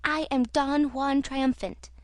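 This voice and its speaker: A woman reading aloud and voicing a tormented masked man who taunts, rages and grieves in turn, with loud, intense delivery. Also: high-pitched, fairly even intonation, takes it slowly, dry recording, voice pushed up. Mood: raging, taunting. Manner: intense, mocking, then anguished. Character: tormented masked male phantom, raging and self-pitying.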